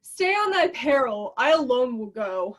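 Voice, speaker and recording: A woman's voice: fairly high pitch, big pitch swings, unhurried. A young woman playing a cold, dismissive young nobleman in an amateur student Shakespeare performance over an online call. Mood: scornful. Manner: curt and dismissive. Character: cold, scornful young nobleman fleeing a suitor. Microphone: video call.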